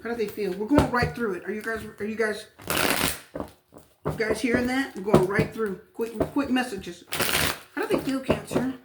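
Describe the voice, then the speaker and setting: Woman, tarot reader, chatty, repeats herself, slightly high voice, echoey room. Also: normal speed. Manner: chatty, repeats phrases, frequent fillers. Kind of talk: casual tarot reading. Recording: echoey room with faint noise.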